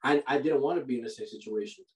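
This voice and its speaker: A man hosting a podcast. He gives money advice in a casual, animated, preachy way, full of slang like "bro" and "yo". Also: medium pitch, fast talker, far from the mic. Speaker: podcast host. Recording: roomy sound from off the mic.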